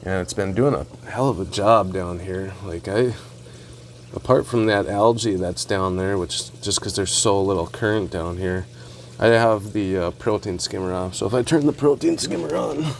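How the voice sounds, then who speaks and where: A man vlogging a casual walkthrough of his home reef tank equipment, relaxed and rambling with fillers and asides. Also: fairly low pitch, moderate pace, creaky, a little hiss or hum. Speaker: aquarium hobbyist vlogger.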